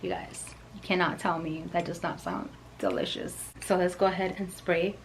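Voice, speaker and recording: A woman reviewing perfume in a vlog, gushing and excitable, with soft whispered asides. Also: lowish voice, normal speed, a little hiss or hum, poor audio. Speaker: fragrance reviewer.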